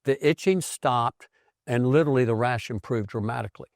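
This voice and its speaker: 男性医生 在干燥近距离录音里生动讲述自己的病史. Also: male voice, medium pitch, brisk, dry recording, clean studio sound. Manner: animated storyteller who acts out quoted voices. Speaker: physician host. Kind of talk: conversational storytelling about health.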